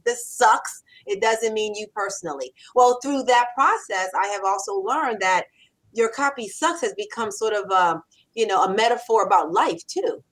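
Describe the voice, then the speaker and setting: A woman in her sixties, a copywriter and author, talking in an animated interview and acting out quoted lines. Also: a little high, low-quality recording. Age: 60s. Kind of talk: conversational interview.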